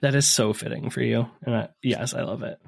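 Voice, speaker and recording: A man co-hosts a podcast in easygoing back-and-forth talk. His voice sits at a middle pitch, and he chats in a relaxed, laid-back way. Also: brisk, gravelly, slightly rough. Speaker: podcast co-host. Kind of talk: casual chat.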